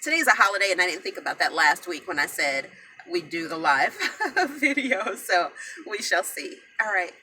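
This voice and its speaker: A woman's voice: on the low side, animated, normal speed, bright, forceful tone, a little hiss or hum, low-quality recording. A woman in her forties hosting a live vlog broadcast, talking to her viewers in a heartfelt, rambling way. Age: 40s. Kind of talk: emotional live-stream chat with viewers.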